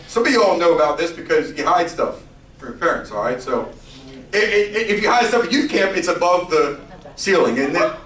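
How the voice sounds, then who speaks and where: A man giving a youth sermon, telling a story in an animated, playful way with character voices. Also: high-pitched, reverberant, far from the mic, low-quality recording. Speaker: youth pastor.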